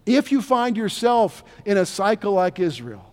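A man's voice: high voice, big pitch swings, unhurried, darkish tone. A man preaching a sermon to a congregation, earnest, acting out prayers and God's answers in quoted voices. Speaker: pastor. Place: church sanctuary. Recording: long church reverb.

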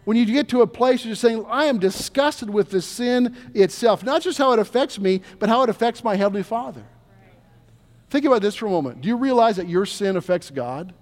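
A man's voice: high voice, animated, fairly quick, a little mellow. A man preaching a sermon to a congregation, earnest, acting out prayers and God's answers in quoted voices. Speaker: pastor. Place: church sanctuary. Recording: long church reverb.

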